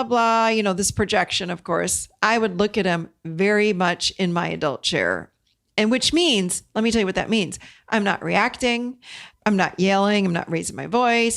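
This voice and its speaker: A woman's voice: fairly low pitch, vocal fry. A middle-aged woman hosting a solo podcast, talking earnestly and directly to her listeners as she coaches them. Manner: earnest and direct, addresses listeners as "you guys". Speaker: podcast host.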